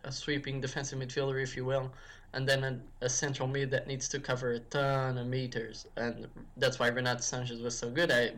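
This man, appearing as a guest on a football podcast, has a mid-range and fairly bright voice. He chats about football casually and meanderingly, restarting often and leaning on fillers like "if you will."

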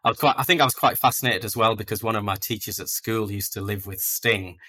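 A man tells stories in a relaxed, self-deprecating way. His low voice has a forceful, bright edge. He sounds like a podcast guest chatting easily. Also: fast. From North East England. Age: 40s. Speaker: guest author. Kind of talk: casual podcast interview.

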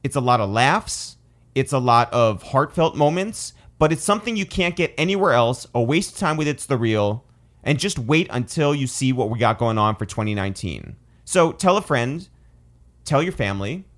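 A man hosting a podcast. He is upbeat, laughs often, and slips easily into promo-style pitches to listeners. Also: lively intonation, moderate pace, fairly bright tone. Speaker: podcast host. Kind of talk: casual podcast chat.

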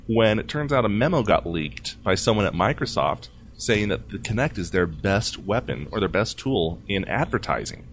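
A low-voiced man hosts a casual tech news podcast, his pitch swinging widely as he jokes and laughs his way through each story. A faint hiss sits under the recording. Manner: jokey, animated, laughs often. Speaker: podcast host.

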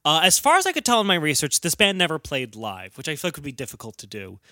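A man's voice: fairly high pitch, wildly swooping pitch, quick pace, sharp tone, dry recording, clean studio sound. A young man co-hosting a podcast, teasing his friends in casual comic chat. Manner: teasing, wry. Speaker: podcast co-host.

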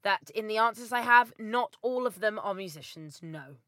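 Brisk woman quizmaster, dry close sound. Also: mid-range voice, expressive, sharp tone, no echo. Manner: brisk, reads questions and answers in lists. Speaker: quiz host. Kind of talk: podcast quiz.

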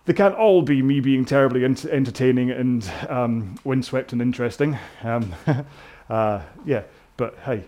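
A man's voice: mid-range voice, unhurried, a little mellow. A British man coaching a rowing workout, talking casually and rambling in a self-mocking way. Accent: British English. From Britain. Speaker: rowing instructor. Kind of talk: casual talk over a row-along workout.

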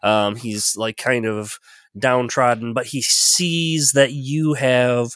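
A man's voice: mid-range voice, steady tone, slow pace, a bit bright, no echo. Rambling, joking male game master. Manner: rambling, jokey, hesitant. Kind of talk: narrating a tabletop game.

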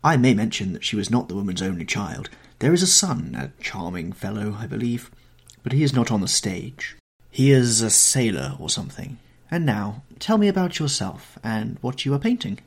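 A vain young gentleman who brushes off grief with airy, languid ease, as a man reads him aloud in a storybook. His delivery swoops widely up and down, and the voice carries a husky edge. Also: on the low side, sing-song, normal speed, exaggerated voice. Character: young male aesthete, vain and coolly callous.

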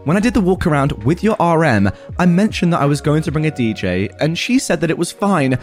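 A man's voice: on the high side, very animated, fairly quick, faint music behind, voice pushed up. A man putting on a whiny, indignant entitled mother. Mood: whiny protest. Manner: whiny, protesting, self-pitying. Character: entitled, indignant middle-aged mother customer.

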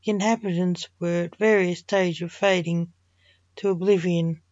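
A woman author reading her own dark, poetic story in a slow, measured way, in a dull lo-fi recording. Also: fairly low pitch, steady tone, dry recording.

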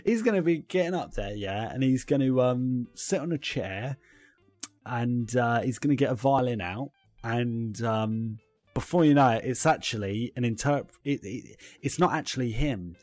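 A man's voice: mid-range voice, expressive, moderate pace, a little mellow, no echo, soft background music. A young man, co-hosting a casual comedy chat, riffing playfully with lots of fillers. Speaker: podcast co-host.

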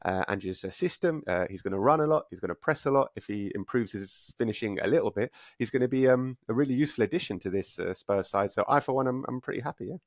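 A man co-hosting a casual football podcast, telling stories with lively delivery and frequent restarts. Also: mid-range voice, fast, few pauses, no room sound, studio quality. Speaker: podcast co-host and football pundit.

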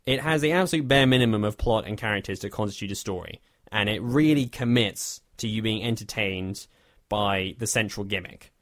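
A man's voice: fairly low pitch, fairly quick, a bit bright, no room sound, clean studio sound. A man, casually reviewing a film in a wry, rambling way. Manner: wry, rambling, self-deprecating. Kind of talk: casual chat.

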